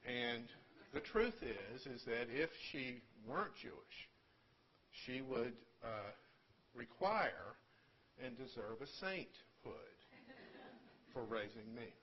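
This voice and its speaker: An older man delivers a funeral eulogy for his mother in a room at a service, halting and repeating words, with gentle humor. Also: medium pitch, animated, muffled recording, slight background noise. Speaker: son giving a eulogy.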